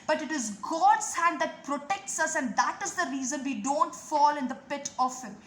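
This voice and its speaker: A woman preacher delivers a devotional message and prayer to her online audience. She pleads fervently and repeats her points as she urges them on. Her voice sits high, and the room echoes around her. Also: expressive, normal speed, fairly bright tone, slight background noise. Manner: fervent, repetitive exhortation. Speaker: preacher and online video host.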